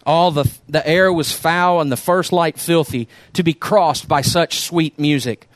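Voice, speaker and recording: A male pastor closing his sermon by reading a story aloud in an earnest, unhurried way. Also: on the high side, no echo.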